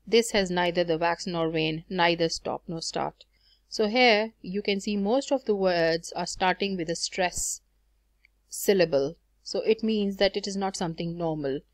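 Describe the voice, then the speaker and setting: Lower-voiced woman teaching a poetry lesson. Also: a little slow, dry recording, clean studio sound. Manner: explanatory, repeats and counts through examples, frequent fillers. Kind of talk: recorded lecture on poetry.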